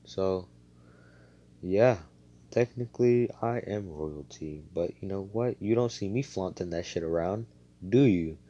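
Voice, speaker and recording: A man's voice: low-pitched, unhurried, dark tone, muffled recording. A man voicing a hotheaded young male hero who talks bluntly and swears a lot. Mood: ranting. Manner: profane, blunt.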